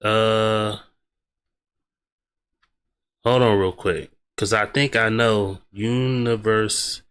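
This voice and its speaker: A man's voice: on the low side, steady tone, extremely slow, a bit bright, smooth. A man hosting a reaction video, teasing in slangy casual commentary. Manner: slangy, teasing, says "bruh" often.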